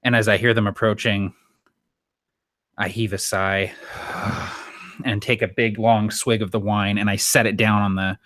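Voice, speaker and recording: Bright, dry-sounding man narrating in first person. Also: lowish voice, little pitch movement, fairly quick, hardly any pauses, no echo. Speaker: player.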